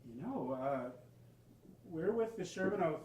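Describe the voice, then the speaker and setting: A man playing a curious visitor from a theater troupe in a live stage sketch, eager and halting. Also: a little high, sing-song, echoey room. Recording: distant stage voice with loud noise.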